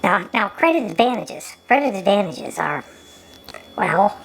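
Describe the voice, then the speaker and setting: A woman's voice: medium pitch, big pitch swings, unhurried, creaky, slight background noise, poor audio. A woman giving sarcastic running commentary over an old film, often stumbling and repeating her words.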